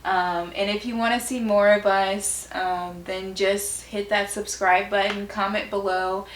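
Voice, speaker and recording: A woman's voice: mid-range voice, little pitch movement, measured pace. A woman telling a story in casual chat with her partner, laughing often and talking with lots of fillers. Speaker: vlog co-host. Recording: roomy echo.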